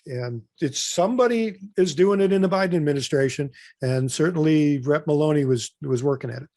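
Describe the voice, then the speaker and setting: A man's voice: fairly high pitch, brisk, warm tone, no echo, studio quality. A man presenting an informal webinar training, talking loosely with many fillers and restarts.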